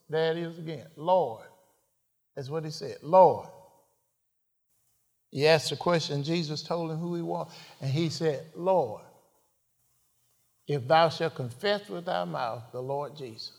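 A man preaching in a slow, deliberate sermon, his voice sitting a little high for a man. He leans on rhetorical questions and swells into sudden emphatic phrases. A long reverb trails each line, like a large church hall. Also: vocal fry.

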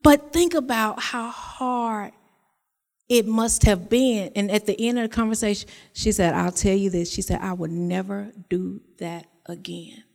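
A woman's voice: medium pitch, unhurried, vocal fry, a little mellow. Woman preaching in an echoing hall. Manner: conversational preaching, repeats phrases, tells personal stories. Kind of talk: sermon.

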